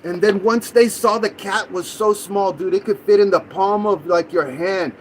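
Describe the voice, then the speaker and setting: Man, livestream host, high-pitched and rambling, keeps saying dude and you know what I'm saying, faint hum behind. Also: normal speed, low-quality recording. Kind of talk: casual storytelling on a livestream.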